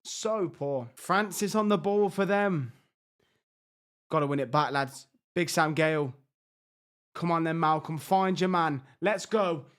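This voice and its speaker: A man reacting out loud as he plays a football management game, exasperated and excitable, talking to his players. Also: fairly high pitch, measured pace, clear, resonant tone. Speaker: gaming YouTuber.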